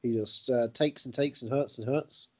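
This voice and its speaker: A man's voice: mid-range voice, moderate pace, a bit bright. A man co-hosting a podcast, chatting casually about a film with wry jokes and plenty of swearing. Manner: wry, joking, swears freely. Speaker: podcast co-host.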